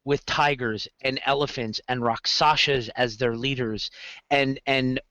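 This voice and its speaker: A man's voice: medium pitch, a little slow, dry recording, rough recording. A man chatting casually on a podcast about running his games, rambling and correcting himself as he goes. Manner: rambling, self-correcting, animated storytelling. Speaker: game master guest.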